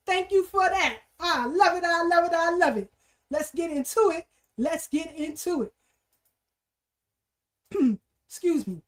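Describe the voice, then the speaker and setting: High-voiced energetic woman host. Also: a little slow, pauses often. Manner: energetic, repeats greetings in threes. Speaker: livestream host. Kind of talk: casual livestream shout-outs and chat.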